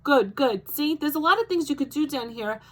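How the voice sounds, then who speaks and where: A woman voicing a tiny, fussy old grandmother with a Southern US accent, in a squeaky, loud, sharp voice. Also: animated, moderate pace. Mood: bossy, doting.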